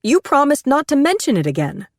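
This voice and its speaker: A woman's voice: sits high, big pitch swings, brisk, no room sound, clean studio sound, pitched above the performer's own voice. A woman voicing a frightened, hostile woman. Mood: accusing. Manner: sharp, raised, accusing delivery.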